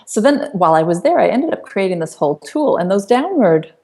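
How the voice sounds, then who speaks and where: A woman's voice: mid-range voice, sing-song, fairly quick, dark tone. A middle-aged woman speaking as an interview guest, telling a personal story earnestly, with fillers and restarts. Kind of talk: conversational storytelling.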